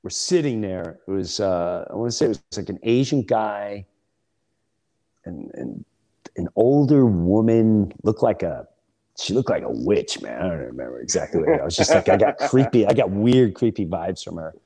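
A middle-aged man hosting a comedy podcast, telling an animated story and acting out the people in it. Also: lowish voice, moderate pace. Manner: animated, acts out other people's voices. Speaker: host.

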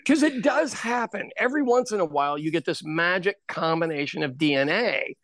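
A man from Oklahoma, a former stand-up comic, telling stories in a casual, animated chat with frequent swearing. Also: a little high, no room sound, clean studio sound. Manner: animated storyteller, swearing, quick asides.

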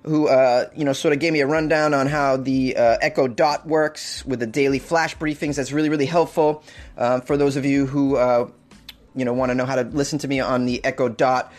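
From a hot apartment, a young podcast host rambles through a casual comedy news show, frequently laughing at his own jokes. His mid-range voice keeps a fairly even intonation and moves a little fast.

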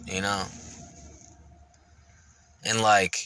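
Bright, candid man rambling on a podcast. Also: on the low side, level tone, drawn-out words, long pauses, slight background noise. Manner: reflective, rambling, many fillers, swears freely. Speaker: podcast host.

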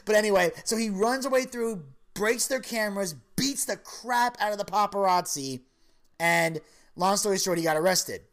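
A man's voice: high-pitched, normal speed. A man hosting a podcast, telling a long story in casual chat and acting out the quoted lines. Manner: animated storyteller who acts out quoted lines. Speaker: podcast host.

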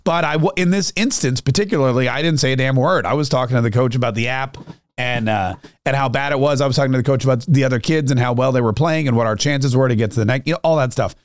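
A man's voice: medium pitch, fast, no room sound, clean studio sound. A middle-aged man hosting a talk show, telling a rambling, self-mocking story in a casual monologue. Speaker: radio talk show host.

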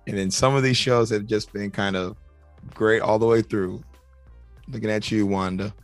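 A man's voice: lowish voice, steady tone, normal speed, no echo, soft background music. A man co-hosting a casual podcast, adding short, agreeable remarks. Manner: brief, agreeable interjections. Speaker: podcast co-host.

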